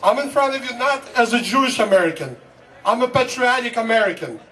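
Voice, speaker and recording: A man from Russia (Soviet Union), a guest speaker at an outdoor political rally, gives a fervent speech to the crowd and repeats a slogan. His very high voice is expressive and a little fast. A distant mic picks him up amid loud crowd noise.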